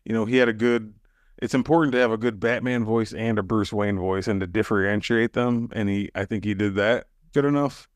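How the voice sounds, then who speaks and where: A man co-hosting a podcast, chatting casually and relaxed, often hedging with fillers. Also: fairly low pitch, brisk, no echo. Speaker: podcast co-host. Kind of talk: casual chat.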